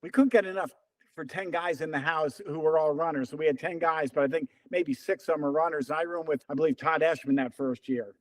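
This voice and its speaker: A man of about seventy, a veteran distance runner, tells stories as an interview guest in a conversational way. He's lively and acts out remembered dialogue in quotes, his voice on the high side and his pace brisk.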